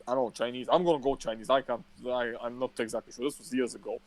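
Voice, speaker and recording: A man's voice: mid-range voice, steady tone, quick pace, darkish tone. A young man co-hosting a podcast in casual chat, telling stories emphatically and swearing constantly. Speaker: podcast co-host.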